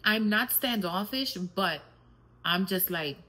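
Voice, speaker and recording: A woman's voice: medium pitch, animated, slow, bright, forceful tone, low-quality recording. A middle-aged woman hosting a podcast, candidly and reflectively telling personal stories in a casual, filler-filled monologue. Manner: switches briefly into Spanish. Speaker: podcast host.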